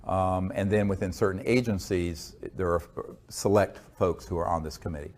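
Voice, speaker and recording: A man answering interview questions in an earnest, measured way, often pausing with fillers. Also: sits low, fairly even intonation, darkish tone. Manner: measured, hesitant with frequent fillers. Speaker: interview guest. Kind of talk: earnest conversational storytelling.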